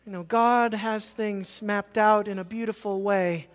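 A pastor preaching a sermon with animated, dramatic swings from loud passages to hushed ones. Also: mid-range voice, measured pace, few pauses. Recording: long hall reverb.

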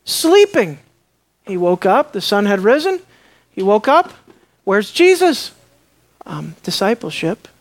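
A preacher delivering a sermon, asking the audience questions and swinging between loud, high emphasis and low, quiet asides. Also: no room sound. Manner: asks the audience rhetorical questions.

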